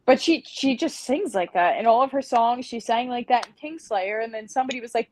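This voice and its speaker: A woman talking as a guest on a podcast about her band, chatty and full of ums and likes. Her voice sits fairly high. It is recorded close and dry, with no room around it. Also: lively intonation, fairly quick, hardly any pauses, darkish tone, no room sound. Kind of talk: casual podcast interview.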